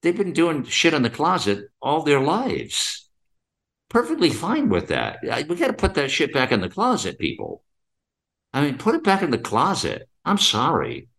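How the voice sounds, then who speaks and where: A man's voice: fairly high pitch, wildly swooping pitch, normal speed, vocal fry, a bit bright. A middle-aged man hosting a commentary monologue, rambling and repeating himself with many rhetorical questions and fillers. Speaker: podcast host.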